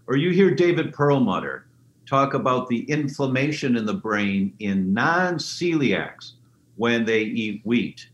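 An animated man tells stories as a guest, his voice carrying in a roomy, echoing space. A faint hiss sits under the remote line. He jumps into high, excited voices whenever he quotes someone. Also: measured pace, highs cut off. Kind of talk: enthusiastic storytelling in an interview.

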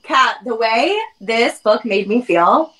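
High-voiced, effusive woman host. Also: animated, takes it slowly, a bit bright, low-quality recording. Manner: effusive and giggly. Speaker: podcast host. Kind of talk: casual chat on a live stream.

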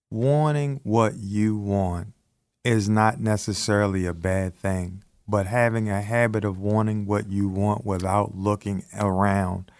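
A man co-hosting a casual chat, measured and reflective. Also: fairly low pitch, darkish tone, no echo.

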